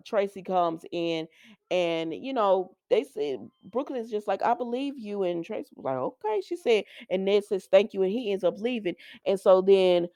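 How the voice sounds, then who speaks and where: A woman's voice: mid-range voice, darkish tone, dry recording, clean studio sound. A woman recapping a soap opera episode in a casual, opinionated and colloquial way, laughing often.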